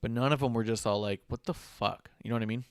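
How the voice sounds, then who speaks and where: A man's voice: mid-range voice, fast, smooth, dry recording, clean studio sound. A man co-hosting a casual wrestling podcast, acting out wrestlers' lines in exaggerated voices. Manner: animated, acts out quotes in exaggerated voices. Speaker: podcast co-host. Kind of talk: casual chat recapping wrestling.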